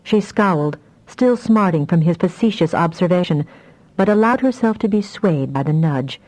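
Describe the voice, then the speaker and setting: A woman narrating a fantasy audiobook in a measured, even storytelling manner. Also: lowish voice, rough recording.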